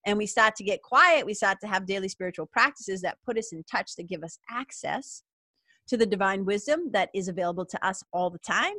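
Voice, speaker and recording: A woman's voice: mid-range voice, animated, fairly quick, sharp tone, no room sound. A middle-aged woman hosting a casual spiritual talk show, chatty and upbeat. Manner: chatty and upbeat, peppered with "like" and laughs. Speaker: podcast host.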